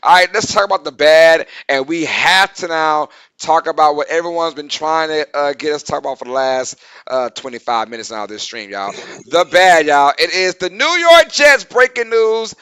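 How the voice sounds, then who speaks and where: A man hosting a casual live-stream sports talk show, excitable and repeating words for emphasis. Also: a little high, moderate pace, hardly any pauses, clean tone, no room sound.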